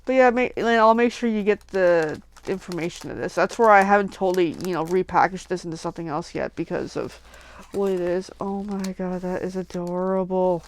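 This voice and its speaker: A woman crafter chatting casually while making cards, gushing with excitement and slipping into whispers over cute things. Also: lowish voice, a little fast. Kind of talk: casual crafting livestream chat.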